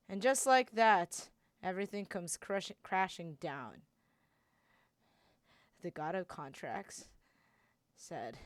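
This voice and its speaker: A woman voicing a bitter, enraged young male warrior in an improvised fan performance, speaking in halting, stammering bursts. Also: deep voice, no room sound. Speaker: voice actor.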